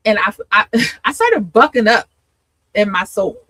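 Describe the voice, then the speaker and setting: Bright-voiced woman sharing an emotional testimony. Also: mid-range voice, big pitch swings, unhurried, husky, low-quality recording. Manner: emotional, laughing often, acting out her own past voice. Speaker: host and coach. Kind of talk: candid testimony in a live conversation.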